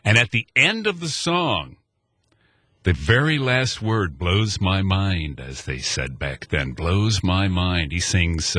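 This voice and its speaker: An older man, a guest telling an animated story who acts out dialogue and scats rhythms aloud. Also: low-pitched, slow, no echo.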